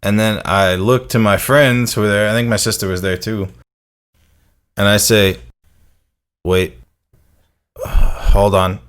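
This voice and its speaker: A man's voice: lowish voice, steady tone, normal speed, a bit bright. A young man co-hosting a podcast, telling a laid-back, profane story in casual chat. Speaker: podcast co-host.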